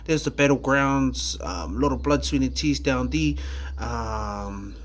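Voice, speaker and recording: A man from New Zealand with a New Zealand accent, giving a candid personal testimony in a halting way, full of fillers, restarts and casual swearing. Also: medium pitch. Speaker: vlogger sharing his recovery story.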